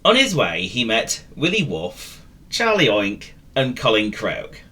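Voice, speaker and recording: A man reading a children's story in a very lively voice that swoops up and down. His tone is bright and crisp, and he teases the listener with playful asides. A classic storybook reading. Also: fairly low pitch, a little slow.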